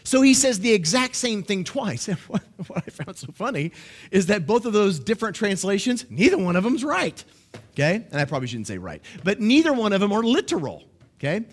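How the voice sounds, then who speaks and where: A man's voice: high-pitched, very animated, a little fast. A man preaching a sermon, teaching emphatically and checking in with his listeners.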